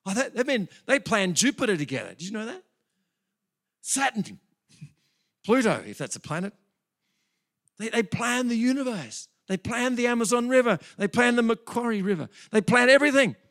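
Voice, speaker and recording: His voice very high-pitched, this man preaches as a pastor with lots of animation, rising to excited high points and making quick self-corrections.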